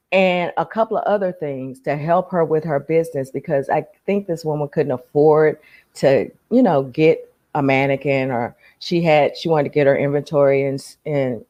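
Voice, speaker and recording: A woman with a lowish voice speaks on a casual podcast. She tells her stories with firm emphasis and drops in a "honey" or a "darling". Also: darkish tone. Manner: emphatic, storytelling, calls people honey and darling. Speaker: podcast guest.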